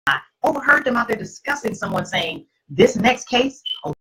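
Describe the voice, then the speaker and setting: A middle-aged woman hosts and tells her own testimony to a live audience with the emphasis of a preacher. Her voice is husky and gravelly, with a bright, edgy tone. Her pitch swings widely from low to high as she makes her points. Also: big pitch swings, moderate pace, low-quality recording. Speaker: host.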